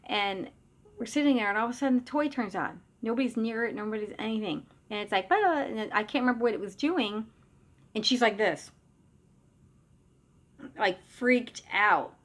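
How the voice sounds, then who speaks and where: A middle-aged woman who works as a psychic medium tells a personal story casually and conversationally, often restarting sentences and trailing off into asides. Her voice is a little high, at a moderate pace.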